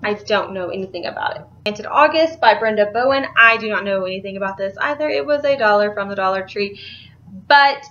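This young woman, a book vlogger, talks brisk and casual about the books she bought, rambling and laughing easily. Her mid-range voice has a fairly bright tone, heard through dull audio.

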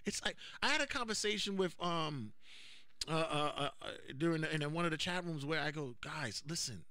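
A man with a high, bright voice co-hosts a casual podcast. He is animated and profane and laughs often, and his pitch leaps around. He is recorded close on a dry mic. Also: normal speed, smooth, no echo. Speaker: podcast co-host. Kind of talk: casual wrestling podcast chat.

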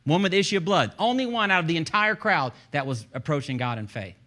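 A man with a Texan accent preaching a sermon as pastor, telling the story with energy and acting out voices, reading scripture and building to shouts. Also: on the high side, expressive, fast. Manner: reads scripture aloud, rising to shouts at the close.

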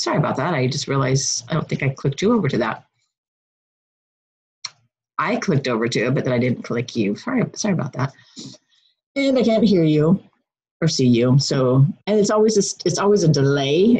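A woman's voice: low voice, breathy edge, low-quality recording. Chatty woman teaching a Bible study. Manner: chatty, self-interrupting, laughs at herself. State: runny nose. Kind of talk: casual recorded Bible lesson.

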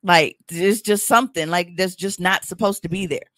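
A woman, co-hosting a podcast in blunt, animated, profane casual chat. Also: fairly low pitch, normal speed, no echo, studio quality. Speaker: podcast co-host.

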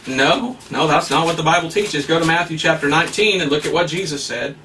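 A man's voice: fairly high pitch, a little fast, sharp tone, far from the mic, a little hiss or hum. A man preaching a sermon in a fiery, emphatic way, full of rhetorical questions.

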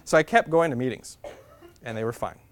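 A man telling a funny personal story as a guest speaker, in an animated, chatty way with frequent laughs. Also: mid-range voice, brisk.

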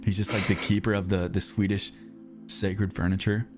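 A man's voice: deep voice, level tone, normal speed, a little mellow, soft background music. A man co-hosting a stream in casual chat, rambling through profane riffs and laughing at his own jokes. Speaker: streamer co-host.

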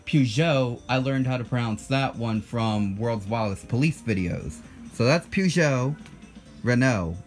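Hosting his own channel, an American man in his twenties from the United States talks casually but bluntly and defensively, adding self-correcting asides. He has a mid-range voice and speaks a little slowly, with faint music in the background.

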